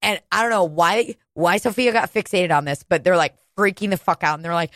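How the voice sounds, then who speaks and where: A woman in her thirties from Kansas City, telling a casual, profane, animated story on a podcast. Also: on the low side, brisk, hardly any pauses, dry recording. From Kansas City, United States.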